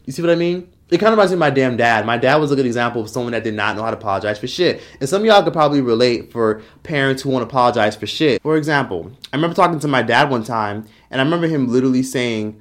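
A young man ranting to camera in a blunt, profane commentary, mocking people with quick impressions. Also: medium pitch, lively intonation. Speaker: commentary YouTuber. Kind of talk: opinion rant to camera.

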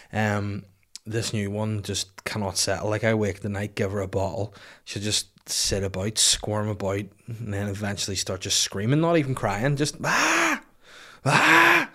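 Weary, profane man ranting on a podcast. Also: lowish voice. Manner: profane, rambling comic storytelling. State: tired. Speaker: podcast host. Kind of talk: casual solo podcast rant. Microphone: podcast microphone.

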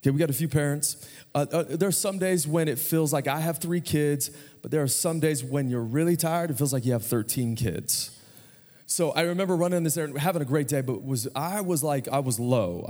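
A man's voice: fairly high pitch, brisk, a little mellow. A man in his thirties with an American accent, preaching a conversational sermon, telling a family story and asking the congregation questions. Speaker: pastor. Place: church sanctuary. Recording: long church hall reverb.

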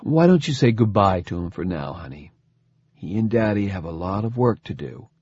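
A man voicing a gentle scientist father who explains things calmly and quickly. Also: on the low side, breathy edge, dull audio. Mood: coaxing.

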